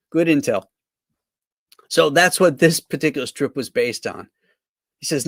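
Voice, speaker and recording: Brief: male cartoonist rambling through anecdotes on a livestream, mid-pitched voice, dry close sound. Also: brisk, no room sound. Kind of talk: casual livestream chat.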